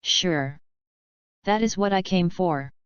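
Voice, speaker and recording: A woman reading the gentle lines of a calm, loving old grandmother in a storybook. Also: on the low side, takes it slowly, smooth, no echo, dull audio. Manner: gentle, plain read-aloud quotes.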